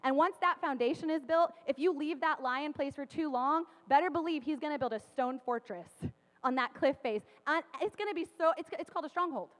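A woman in her thirties giving a casual, chatty sermon, full of fillers and quick laughs. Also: high voice. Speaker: preacher. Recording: long hall reverb.

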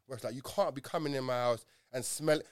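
Animated young man, dry sound. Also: mid-range voice, fast talker, no room sound. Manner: animated storytelling, full of slang. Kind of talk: casual chat.

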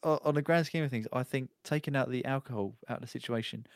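A man's voice: medium pitch, fast, no room sound, studio quality. A man co-hosting a comedy podcast, musing in a rambling, jokey way with plenty of fillers. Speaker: podcast co-host. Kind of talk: casual comedic chat.

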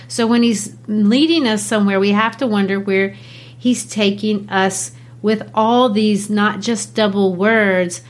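A woman teaching a literature lesson, animated and enthusiastic, with quick asides. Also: medium pitch.

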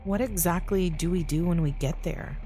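A man voicing a young woman in a storybook narration, quiet and determined. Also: sits high, normal speed, soft background music, voice pushed up, close to an everyday voice.

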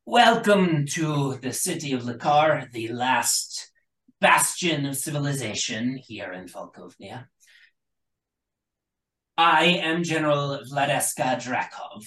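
A man's voice: mid-range voice, lively intonation, takes it slowly, a bit bright, pitched above the performer's own voice. A man voicing a harsh, scarred woman general who coldly berates a failing soldier, in a roomy recording from a distant mic. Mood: formal. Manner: cold, berating.

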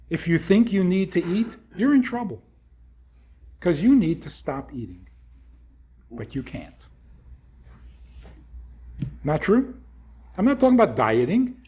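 A man delivers a sermon in a husky, slightly higher voice, speaking in short punchy phrases. He moves at a deliberate, unhurried pace. His pitch rises and falls widely as he poses question after question. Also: mellow. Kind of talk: sermon-like talk.

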